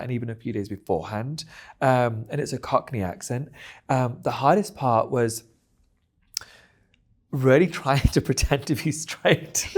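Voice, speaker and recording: An animated man talks as a guest in a relaxed interview. He tells his stories expressively and often laughs along the way, and his voice sits at a middling pitch. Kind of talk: casual interview chat.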